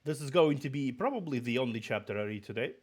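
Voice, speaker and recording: A fast-talking man with a medium-pitched, animated voice and a slight Russian accent prepares a stream for reading a book. Slightly sick, he chats loosely, repeatedly restarting and tossing off muttered asides.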